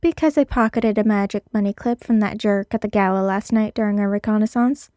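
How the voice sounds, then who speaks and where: A woman's voice: medium pitch, a little fast, dark tone, no room sound, studio quality, close to an everyday voice. A woman voicing Parker, a blunt, quirky female thief, in a read-aloud story.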